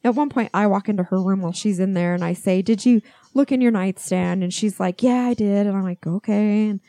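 A woman's voice: mid-range voice, brisk, mellow, dry recording. Chatty woman retelling a family story. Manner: chatty, quotes family members as she tells it. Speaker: podcast co-host. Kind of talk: casual storytelling chat.

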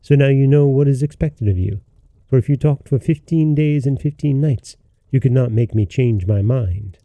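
A man voicing a proud young princess in a storybook reading, speaking firmly and stubbornly in his own gravelly voice. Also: mid-range voice, normal speed, mellow, no echo, lightly acted.

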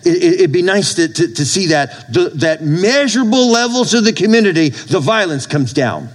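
A man's voice: sits high, sing-song, normal speed, low-quality recording. A man preaching a sermon as pastor, emphatic, repeating his phrases and calling for amens from the congregation.

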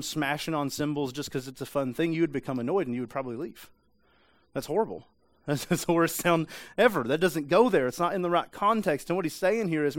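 A man's voice: on the high side, no room sound. A man preaching a sermon in a church, talking in a loose conversational way with frequent restarts and rhetorical questions. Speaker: pastor. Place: church sanctuary.

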